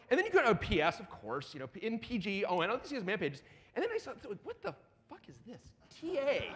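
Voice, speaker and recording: A man giving a live lightning talk at a conference while demoing a terminal, excitable and profane, with rapid asides. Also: high voice. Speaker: conference speaker. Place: conference hall. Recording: reverberant conference hall.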